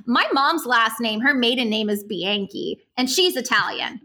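A woman's voice: fairly high pitch, lively intonation, normal speed, bright, forceful tone. A woman co-hosting a podcast, reflecting thoughtfully in academic wording. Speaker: podcast co-host. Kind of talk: casual reflective chat.

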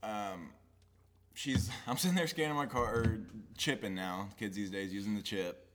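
A man's voice: lowish voice, moderate pace, noisy background. A young man telling a story in a casual chat, laughing often and swearing freely.

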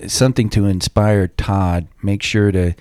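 A man co-hosting a casual podcast, making slow joking remarks. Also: on the low side, steady tone, a little mellow, clean tone, dry recording, studio quality. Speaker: podcast co-host.

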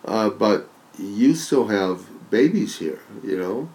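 A man calmly giving advice in an emotional personal conversation, reasoning things through and often repeating himself. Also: fairly low pitch, slow pace, rough recording.

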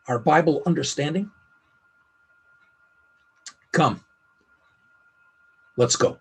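A middle-aged man teaches a Bible lesson with a slightly husky, breathy voice. His pitch sits a little high for a man and rises and falls with lively movement. He slows down to lean on key words. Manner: earnest, with slow emphatic phrasing. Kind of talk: scripted teaching.

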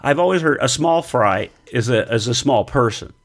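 A man's voice: medium pitch, lively intonation, moderate pace. A man from the United States co-hosting a podcast, answering in a joking, playful way with puns. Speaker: podcast co-host. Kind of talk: casual chat.

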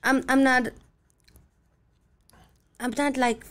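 A woman's voice: sits high, little pitch movement, slow, fairly bright tone, clean tone. A young woman from Los Angeles, a podcast guest telling stories in a laid-back, profane, slangy way. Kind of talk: casual chat.

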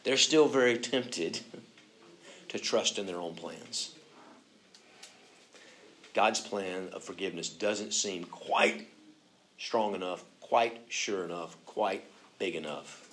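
A man preaching a conversational sermon, acting out quoted voices and swinging between soft and loud. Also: deep voice, a little hiss or hum. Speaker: pastor.

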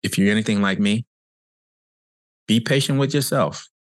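Speaking at a normal pace in a lowish voice with no room sound, a man who hosts a podcast as a cancer coach delivers an earnest, conversational, reflective motivational monologue. He keeps repeating himself for emphasis.

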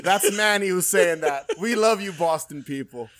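A man with a New York accent hosts a casual podcast, chatting in a jokey way and breaking into laughter often. His voice sits a little high for a man. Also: moderate pace, fairly bright tone, dry recording. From New York City. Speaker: podcast host.

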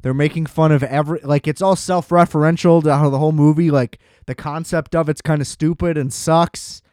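Profane ranting man, slightly high voice. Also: fairly even intonation, brisk, darkish tone, no echo, studio quality. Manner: exasperated, profane, rambling. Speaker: podcast host. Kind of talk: casual solo podcast rant.

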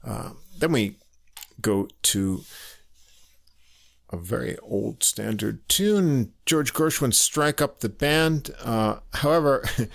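A man giving a casual spoken review of a jazz album, halting with many fillers and little chuckles. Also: mid-range voice, animated, creaky.

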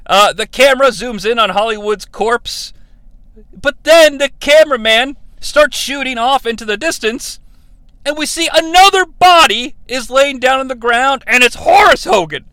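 Animated, high-voiced man recapping wrestling. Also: moderate pace, clean tone, dry recording. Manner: animated, jokey, laughs at his own asides. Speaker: podcast host. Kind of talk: comedic recap of a wrestling broadcast.

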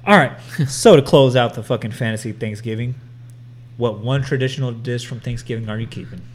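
A man co-hosting a casual podcast, telling stories in a brash, profane, animated way. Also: mid-range voice, brisk, a little hiss or hum. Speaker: podcast co-host.

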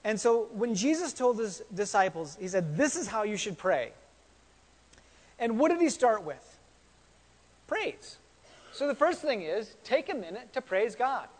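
A man's voice: high voice, big pitch swings, measured pace, long pauses, big-room sound. A man preaching a sermon in a conversational way, repeating words as he speaks and asking the congregation questions. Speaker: pastor.

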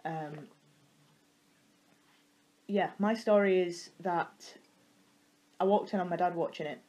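A woman's voice: lowish voice, slow pace, a little mellow. A nineteen-year-old woman with a Yorkshire accent, chatting casually as a podcast co-host, laughing easily and swearing now and then. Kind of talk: casual chat.

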